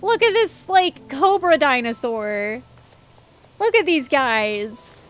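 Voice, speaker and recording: A woman's voice: high voice, big pitch swings, slow, fairly bright tone. A young woman streamer chatting casually while playing, rambling through stories with lots of fillers. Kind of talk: casual gameplay chat.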